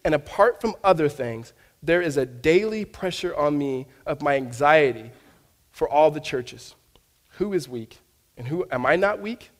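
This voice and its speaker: A man's voice: on the high side, animated, measured pace. A man preaching a sermon to his congregation, telling stories animatedly and often stammering and restarting his words. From United States. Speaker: pastor. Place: church sanctuary.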